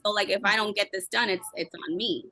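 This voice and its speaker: A young woman sharing a candid, emotional story with her team in fast, chatty talk. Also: medium pitch, sharp tone. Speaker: team member sharing advice. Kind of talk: candid motivational chat.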